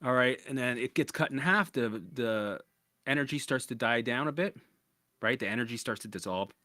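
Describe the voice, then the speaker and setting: A man talks through listener questions in a loose, rambling solo monologue. His voice is bright and forceful, he swears freely, and he keeps tossing in "right?". The sound is close and dry. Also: mid-range voice, moderate pace, no room sound. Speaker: podcast host answering listener questions.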